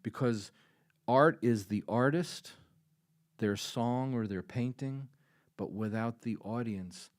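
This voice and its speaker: A man speaks from the stage of a small coffee house, with an everyday mid-range voice. He tells stories in a folksy way, repeats lines for weight, and drops to near-whispers before building loud again. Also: medium pitch, slow pace. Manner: storytelling, repeats phrases for emphasis, swings from hushed to loud. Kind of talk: folksy stage talk with a told joke.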